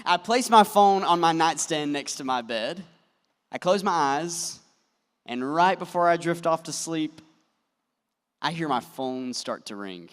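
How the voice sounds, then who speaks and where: A young man telling a story as a motivational speaker, his voice sitting a bit high for a man. He sinks to quiet, slow lines to land a point. His voice rings out with a long reverb through a large hall. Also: animated, clean tone. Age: young adult. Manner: storytelling, dropping soft and slow for emphasis. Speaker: convention speaker. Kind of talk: motivational speech.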